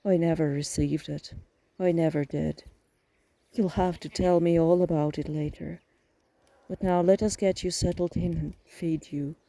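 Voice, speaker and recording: A man voicing an elegant, effusive aunt with an Irish accent in an audiobook, his flat delivery roughened by gravel. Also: a little high, a little slow, no echo. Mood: shaken. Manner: effusive, tender.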